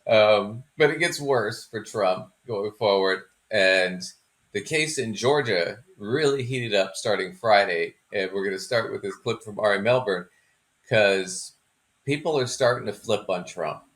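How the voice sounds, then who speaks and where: A man's voice: fairly low pitch, a little slow, fairly bright tone. A man hosting a casual commentary chat, chatty and mocking, often laughing. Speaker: host.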